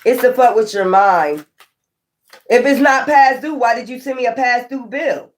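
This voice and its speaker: A woman tarot reader ranting casually to her viewers, profane, animated and exasperated. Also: on the high side, normal speed.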